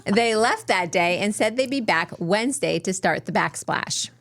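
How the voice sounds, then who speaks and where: A woman's voice: medium pitch, expressive, moderate pace, fairly bright tone. A woman co-hosting a podcast, reading a listener's story aloud with dry asides in casual chat. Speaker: podcast co-host.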